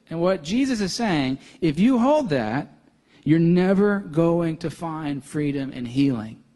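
A young male pastor preaching a sermon, earnest, building to intense emphasis and then dropping soft. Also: fairly high pitch.

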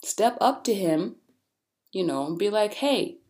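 A woman hosting a podcast, talking straight to listeners with blunt, animated, faith-based encouragement. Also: mid-range voice, measured pace. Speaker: podcast host. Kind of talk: casual motivational monologue.

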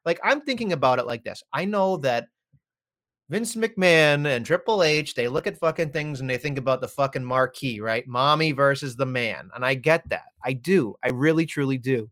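A man co-hosting a wrestling podcast rants heatedly in casual chat, swearing constantly. His voice is on the high side, expressive and fairly bright, at a normal speed.

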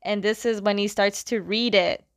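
Woman retelling a story all casual, lots of "like", smooth clear voice, dry sound. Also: mid-range voice, moderate pace, dry recording. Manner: chatty and animated, many "like"s.

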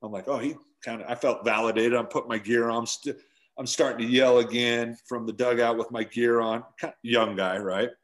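A man, a former pro catcher in his forties, telling stories from his playing days in a casual interview, acting out shouted lines as he goes. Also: medium pitch, fairly quick. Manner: animated storyteller, acts out yelling quotes.

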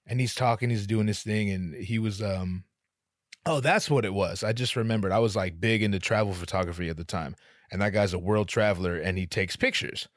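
A young man hosting a podcast, telling a casual, profane, self-mocking story, his voice jumping up in pitch for his own quoted reactions. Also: a little fast, dry recording, studio quality. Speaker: podcast host.

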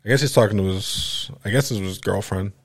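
Animated storytelling man, dry close sound. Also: on the low side, fairly quick, breathy edge, dry recording. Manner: animated, acts out other people's lines with profanity and laughter. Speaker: podcast host. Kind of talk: casual storytelling chat.

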